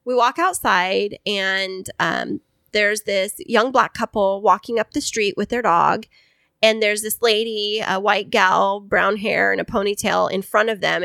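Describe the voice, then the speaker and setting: Woman, casual podcast co-host, animated storyteller, dry room. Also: mid-range voice, a little slow, vocal fry, no room sound. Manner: chatty, animated storyteller who acts out voices.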